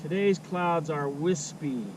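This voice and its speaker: A man talks slowly and unhurriedly, thinking aloud as he teaches outdoors. His voice sits a little high for a man. A faint outdoor hum runs underneath. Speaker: nature educator. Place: outdoors at a wildlife refuge.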